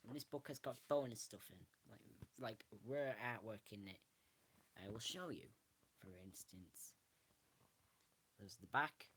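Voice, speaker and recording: A man's voice: mid-range voice, fairly bright tone, slightly rough. A man, casually showing a book on camera and rambling through it with frequent restarts. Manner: rambling, restarts often, self-correcting. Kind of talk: casual show-and-tell.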